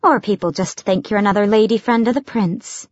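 A woman's voice: medium pitch, fairly quick, no room sound, highs cut off, pitched above the performer's own voice, lightly acted. A woman voicing a bold, motherly older woman servant who scolds and fusses. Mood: fussy, scolding. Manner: scolding, fussy.

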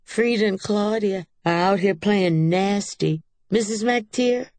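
A woman voicing a smug neighbor girl who hollers and tattles in a high, loud voice. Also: slow, no echo, studio quality. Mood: tattling.

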